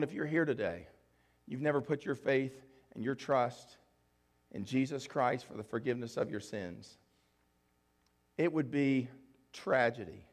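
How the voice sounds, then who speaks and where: A male pastor preaching a sermon with an earnest, emotional, pleading delivery. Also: mid-range voice.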